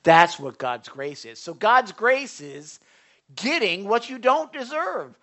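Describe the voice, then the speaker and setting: A man's voice: high voice, sing-song, takes it slowly. Male pastor, conversational sermon. Folksy, checks in with listeners, big swings in volume. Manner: swings between loud bursts and quiet asides.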